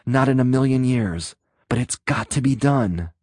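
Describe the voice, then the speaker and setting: A man voices a tense, urgent armed character, snapping out commands. His medium-pitched voice is expressive, a little mellow, and close to an everyday voice, at normal speed. The recording is clean studio sound with no echo.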